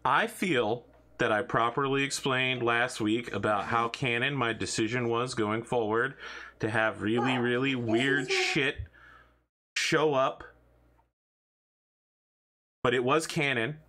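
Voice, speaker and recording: A man running a tabletop game as game master, telling stories in an animated, jokey way. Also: mid-range voice, measured pace, long pauses. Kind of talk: tabletop game narration, casual chat.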